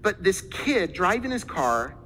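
A man preaching as a pastor, telling a story and acting out the people in it with lively quoted voices. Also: sits high, measured pace, slight background noise, low-quality recording. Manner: animated, acts out quoted voices. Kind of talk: sermon storytelling.

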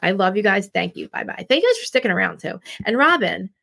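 Jersey-accented woman host, blunt, rambling live chat, mid pitch with vocal fry. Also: big pitch swings, fast talker, a bit bright. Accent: New Jersey. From New Jersey. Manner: rambling, blunt, many restarts. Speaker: live-stream podcast host. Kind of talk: casual live-stream chat.

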